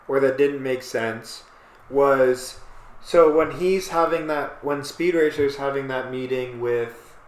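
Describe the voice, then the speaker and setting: A man co-hosting a casual podcast chat, talking in a rambling, animated way and often breaking off mid-thought. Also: mid-range voice, takes it slowly. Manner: rambling, animated, self-interrupting. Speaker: podcast co-host. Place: small apartment room. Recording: echoey room.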